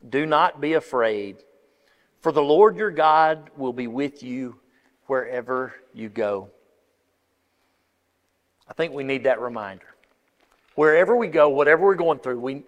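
A pastor preaching an impassioned sermon, building to emphatic peaks and often restarting phrases. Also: male voice, medium pitch, unhurried, long pauses. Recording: long reverb of a large hall.

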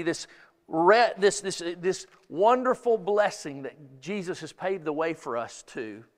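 A man preaching a sermon with a notably high-pitched voice. He tells stories in an animated way, acting out the quotes and laughing along. His voice rings with the long reverb of a church sanctuary. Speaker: pastor.

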